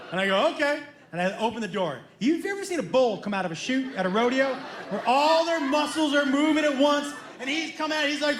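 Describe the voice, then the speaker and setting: A man performing stand-up, telling a story with lively energy and acting out other people's lines in put-on voices. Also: very high-pitched, brisk, background noise. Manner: animated, acts out his son's lines in a childish voice. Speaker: stand-up comedian. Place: comedy club stage. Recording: echoey club with loud crowd laughter.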